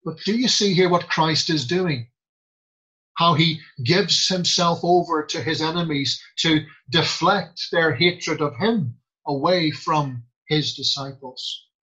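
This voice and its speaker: A man preaching a sermon, quoting scripture slowly and deliberately with emphatic pauses. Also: on the high side, sharp tone, breathy edge, dull audio.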